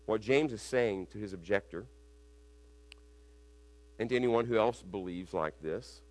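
A man preaching an expository sermon, stumbling and restarting over words, then building up to loud, emphatic recitations of scripture. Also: lowish voice, measured pace. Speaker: pastor.

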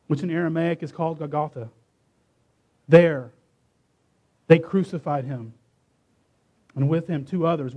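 A man preaching a sermon, reading scripture dramatically and emphatically, slowing and stressing key words. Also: fairly high pitch, darkish tone.

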